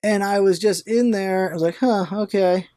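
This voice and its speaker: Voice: medium pitch, a little fast, no echo. Chatty vlogger rambling on, swears a bit, trips over words, dead dry room. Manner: animated storyteller, swears, retells own thoughts aloud; restarts and stammers when excited. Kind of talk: casual rambling vlog chat.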